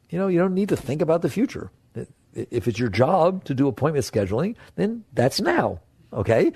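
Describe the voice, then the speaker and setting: A man with a gravelly voice gives a spiritual talk, coaxing and direct with his listeners. He leaps into playful high tones, then drops to soft, low asides. The sound is dry and close. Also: dry recording. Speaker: spiritual teacher.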